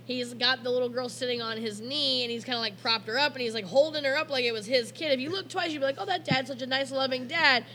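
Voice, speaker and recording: A man's voice: extremely high pitch, fast, few pauses, a little hiss or hum. A young man co-hosting a casual podcast, telling a story with laughter and acted-out voices. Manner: animated, laughing, acts out voices in his stories. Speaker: podcast co-host.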